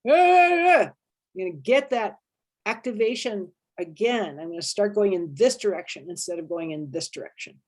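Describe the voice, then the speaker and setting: A woman therapist leading an interactive workshop, lively and expressive, acting out inner voices and checking in with her listeners. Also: on the low side, normal speed. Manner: animated, acts out inner voices and checks in with "right?".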